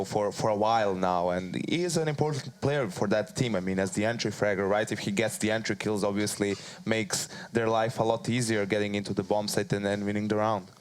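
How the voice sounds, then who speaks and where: A man with a lowish voice gives measured analysis in a broadcast studio. He often corrects himself mid-sentence. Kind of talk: esports analysis.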